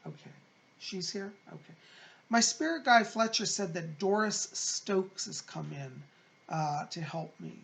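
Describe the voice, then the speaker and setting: A man with a gravelly, creaky voice hosts a psychic reading show. He reads letters from viewers and relays messages from spirits. His tone is gentle and consoling, and he talks casually and warmly to listeners. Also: high-pitched, animated, a little slow. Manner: gentle, consoling, chatty, calls listeners "hon". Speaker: psychic medium.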